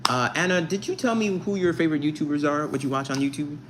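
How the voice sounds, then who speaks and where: A man's voice: on the high side, fast talker, noisy background. A young man casually chatting with viewers on a live stream, reading their comments aloud and joking with them. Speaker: livestreamer.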